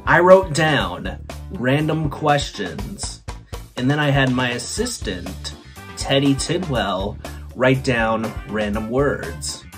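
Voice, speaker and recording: Male podcast host, unhurried comic storyteller, faint music bed. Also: mid-range voice, animated. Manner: joking, laid-back storytelling; reads mad-lib stories aloud. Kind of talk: comedic solo monologue.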